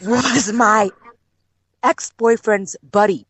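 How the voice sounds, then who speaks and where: A woman's voice: fairly high pitch, steady tone, slow pace, fairly bright tone, dry recording. A woman in her forties from Miami, a guest on a phone-in chat, telling stories playfully and laughing often. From Miami, Florida. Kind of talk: casual chat on a phone call.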